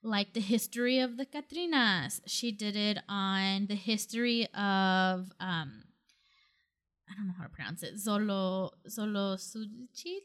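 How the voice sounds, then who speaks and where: A woman's voice: medium pitch, a little slow, fairly bright tone, clear, resonant tone. A woman co-hosting a casual podcast chat, talking loosely with lots of fillers and easily spooked. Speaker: podcast co-host.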